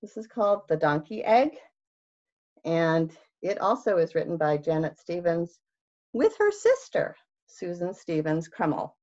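A woman children's librarian reading a picture book aloud in an expressive, sing-song way. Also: low voice. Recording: dull lo-fi recording.

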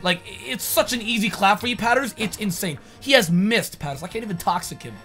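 Excitable teasing gamer, high voice. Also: male voice, a little fast, faint music behind. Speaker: gaming co-host. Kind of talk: casual gameplay banter.

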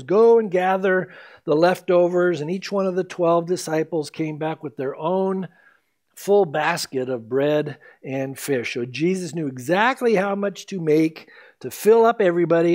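A man with a high, light voice delivers an expository sermon from the pulpit. He walks the congregation through the passage in a lively storytelling way, acting out the voices of the people in the story. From United States. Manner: animated storytelling, acts out quoted lines. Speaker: pastor.

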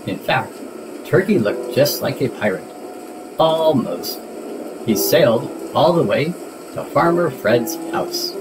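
A man's voice: mid-range voice, lively intonation, slow, noisy background. A man reading a children's storybook aloud expressively, with playful sound effects. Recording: guitar music behind.

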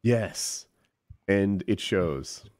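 A man co-hosting a podcast, describing someone in an animated, joking way in casual chat. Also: sits low, drawn-out words. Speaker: podcast co-host.

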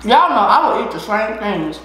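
A woman's voice: medium pitch, big pitch swings, normal speed, a bit bright, a little hiss or hum. A woman chatting casually while eating on a mukbang vlog, laughing often and giving encouragement. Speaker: vlogger. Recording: echoey room.

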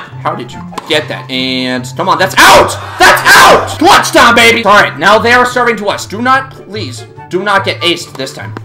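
A gaming channel host giving excited let's-play commentary and often yelling at the game. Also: mid-range voice. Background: game music.

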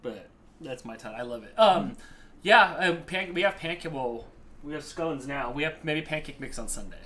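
A man's voice: fairly high pitch, lively intonation, normal speed, pushed and bright, a little hiss or hum. A man co-hosting a home baking livestream, chatting in a laid-back, joking way. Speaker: cooking show co-host. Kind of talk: casual livestream chat.

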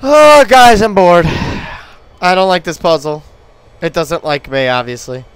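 A man's voice: high-pitched, slow, smooth, dry recording. A man commentating on his gameplay in a casual, frustrated and sarcastic way, swearing often. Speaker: let's play commentator.

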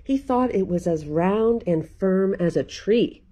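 Woman, children's librarian, storybook reading, playful, laughs often, mellow tone, lively pitch. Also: slow pace. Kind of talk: reading a picture book aloud to children.

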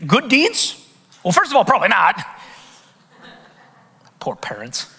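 A man preaching with a high, bright, sharply ringing voice that leaps up and down as he drives his points home. He fires rhetorical questions at the congregation. His words carry a long reverb from a large hall. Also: wildly swooping pitch, measured pace, pauses often, slightly rough. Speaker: pastor. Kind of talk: sermon.

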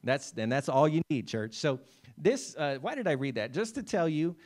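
A man's voice: on the high side, very animated, moderate pace, a little mellow. Conversational preaching pastor, man. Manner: conversational preaching, addresses listeners by name, frequent "right?" and "amen". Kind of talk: sermon. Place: church service.

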